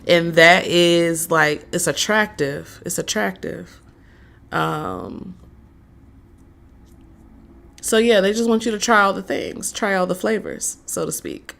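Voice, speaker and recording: A woman doing a live-streamed tarot reading, talking slowly with many fillers and answering chat messages. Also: fairly low pitch, big pitch swings, creaky, fairly bright tone. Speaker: tarot reader.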